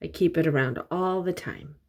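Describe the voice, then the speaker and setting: An older woman reading a bedtime picture book aloud to her grandchildren in a gentle, soothing way. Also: deep voice, normal speed, noisy background. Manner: gentle, soothing, playful animal sounds.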